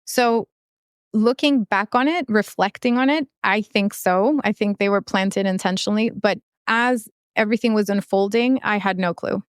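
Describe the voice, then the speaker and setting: A woman in her thirties, a podcast guest, telling a hard personal story in a halting way, often searching for words. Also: medium pitch, clean tone, dry recording, clean studio sound. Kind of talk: emotional interview storytelling.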